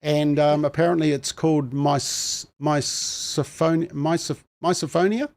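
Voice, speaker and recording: Nz guy hosting a panel chat, a bit high voiced, rambly and jokey. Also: fairly even intonation, unhurried, darkish tone. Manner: chatty, self-mocking, rambling with fillers. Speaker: host.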